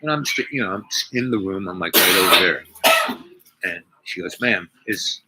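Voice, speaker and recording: Deep-voiced older man telling a story. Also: expressive, brisk. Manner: meandering, with many restarts and asides. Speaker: speaker. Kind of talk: rambling personal storytelling. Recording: noisy recording with clicks.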